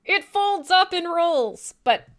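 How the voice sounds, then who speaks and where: A woman's voice: very high voice, lively intonation, slow. A woman hosting a live metal radio stream, chatting casually in a rambling, irreverent way and swearing freely. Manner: talks to her dog in a soft coo. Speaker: metal radio show host.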